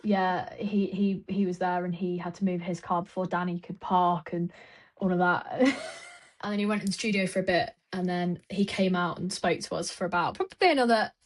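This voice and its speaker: A young woman co-hosting a podcast, chatting casually and excitedly, often laughing and acting out what others said. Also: fairly low pitch, normal speed. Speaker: podcast co-host. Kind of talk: casual chat.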